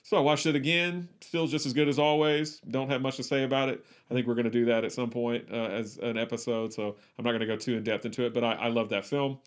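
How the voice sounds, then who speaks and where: A man's voice: medium pitch, fairly even intonation, fast talker, few pauses, smooth. A man co-hosting a movie podcast, chatting casually in a rambling, wry way and often correcting himself mid-sentence. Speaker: podcast co-host.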